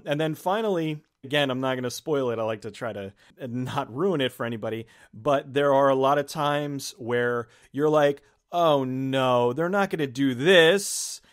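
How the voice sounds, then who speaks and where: A man's voice: mid-range voice, normal speed, few pauses. A man hosting a casual movie review chat, rambling and acting out his own reactions as he talks. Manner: rambling, restarts phrases, acts out reactions. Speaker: host of a movie review channel.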